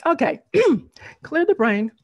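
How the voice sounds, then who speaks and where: A woman's voice: a little high, lively intonation, takes it slowly. A middle-aged woman, leading an online storytelling workshop over a video call, encouraging and laughing often.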